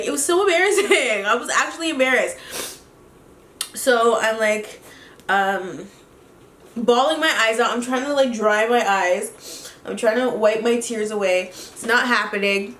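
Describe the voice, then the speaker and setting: A woman vlogger telling a story in a casual, animated, chatty way while doing her makeup, with quick laughs. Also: a little high, roomy sound. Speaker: beauty vlogger.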